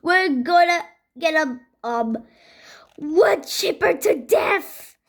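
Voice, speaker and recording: A woman's voice: high voice, slow. Woman putting on a shrieking panicky young boy. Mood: panicked. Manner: shouty, exclaiming in alarm.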